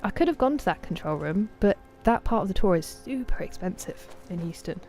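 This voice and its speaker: A British woman chatting casually on a live game stream, thanking viewers and sometimes dropping into a soft whisper. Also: mid-range voice, expressive, fairly quick, soft background music. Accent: British English.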